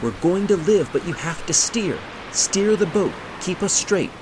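A man voicing a determined young Viking woman who shouts urgent commands through a storm. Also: sits high, expressive, a little slow, noisy background, voice pushed up. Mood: urgent shouting. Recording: rain and thunder sound effects.

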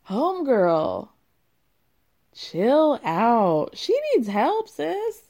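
A young woman recapping a reality show in a casual, animated way, swearing freely and laughing often. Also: medium pitch, a little slow, pauses often.

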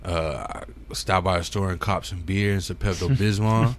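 Laid-back man with a low voice. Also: moderate pace. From St. Paul, Minnesota. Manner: laid-back storytelling, breaks into freestyle rhymes and mimicry. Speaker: guest music producer. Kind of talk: casual podcast interview.

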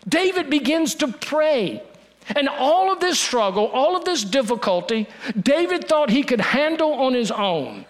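A man preaching a sermon, dropping to a hush and then rising to urgency, repeating lines for emphasis. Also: very high-pitched. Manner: preaching with dramatic dips to a hush and rises to urgency. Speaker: pastor.

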